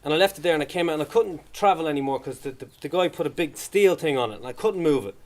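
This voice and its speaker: A young man performs stand-up for a young crowd, telling a story and acting out its voices. He talks quickly, in a fairly high, expressive voice, and laughter from the audience can be heard.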